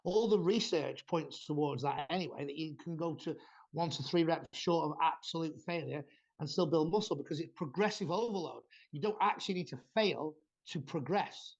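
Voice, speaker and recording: A man's voice: on the high side, moderate pace. Blunt man, dull lo-fi sound. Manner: blunt, swears freely, rambling explanations. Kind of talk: casual podcast chat about training.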